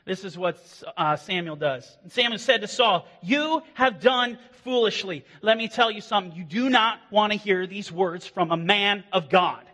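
A man preaching a sermon as pastor, impassioned, swinging from hushed passages to loud declarations. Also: high-pitched, normal speed, hardly any pauses. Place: church. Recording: long reverb of a hall.

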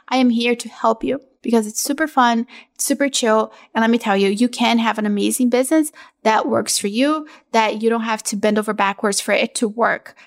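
A woman in her thirties hosting a casual solo podcast from home, talking in a gushing, upbeat sales pitch. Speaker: podcast host.

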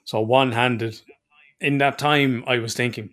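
A man's voice: mid-range voice, steady tone, a little slow, fairly bright tone. An Irish man telling rambling stories in casual podcast chat and swearing freely. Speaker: podcast co-host.

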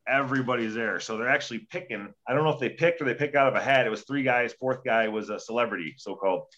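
A man telling rowdy, profane stories as a guest on a casual show, acting out the other people's lines as he goes. His voice is bright and forceful, and the recording comes through dull and lo-fi. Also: medium pitch, fast. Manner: profane, animated storytelling with acted-out quotes. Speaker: guest, former hockey player. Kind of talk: casual storytelling. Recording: dull lo-fi audio.

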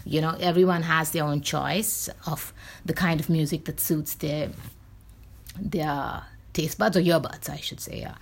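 A woman's voice: sits low, fairly even intonation, a little slow, creaky, breathy edge. A woman talking casually and bluntly in a rambling opinion monologue, with frequent fillers and restarts.

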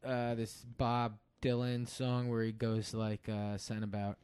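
A man's voice: medium pitch, a little slow, smooth. A man co-hosting a podcast in casual chat, telling profane stories and acting out what other people said. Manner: profane animated storytelling, acting out quotes. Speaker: podcast co-host.

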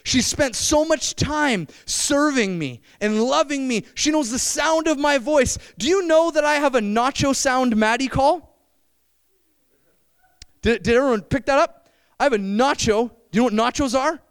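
High-voiced young man preaching a sermon. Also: normal speed, smooth, dry recording. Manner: animated, addresses the congregation with questions.

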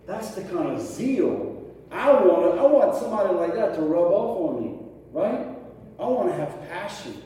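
A pastor with a high-sitting, mellow voice preaches to his congregation at a normal speed, very animated and casual, often checking in with rhetorical questions. The mic is distant, catching an echoey hall from afar with faint ambience.

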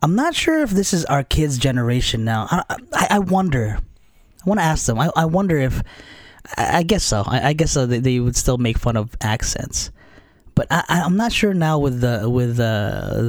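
A man in a casual podcast chat, relaxed and hesitant, repeating words as he thinks aloud. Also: mid-range voice, normal speed, no echo, studio quality.

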